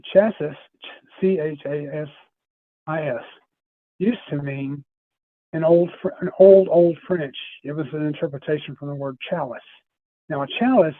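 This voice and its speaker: Over a tinny, phone-line-quality connection, a middle-aged podcast guest shares a personal story in a sincere, wandering way, often starting sentences over. He has a fairly high voice, and the recording is dry.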